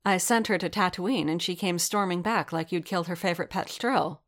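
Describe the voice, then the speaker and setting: A woman's voice: lowish voice, fairly quick, lightly acted. A woman voicing a proud woman warrior leader with a cool, mocking, lecturing manner, read as a story. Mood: scornful. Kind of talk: storybook reading.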